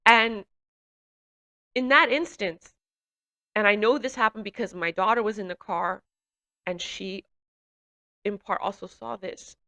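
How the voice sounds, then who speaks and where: An emotional woman with a runny nose tells her story as a personal testimony in a bright, forceful, mid-range voice. She keeps a measured pace with long pauses, speaking hesitantly with many fillers and restarts.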